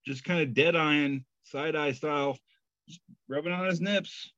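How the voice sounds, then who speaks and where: A man's voice: a little high, a bit bright, no room sound. Male podcast co-host, joking and self-deprecating, reading memes off a dull lo-fi mic. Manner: jokey, self-deprecating, drawn-out pauses. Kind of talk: casual podcast banter.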